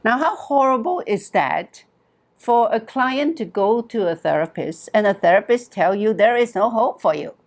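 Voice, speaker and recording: A woman therapist recounting a story about a client in an earnest, measured way. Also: on the high side, lively intonation.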